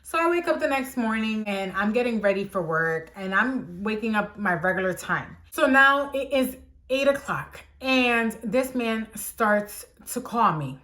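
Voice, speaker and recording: A young woman vlogger tells a personal story time with lots of animation, acting out what people said. Her voice is a little high and her pace unhurried.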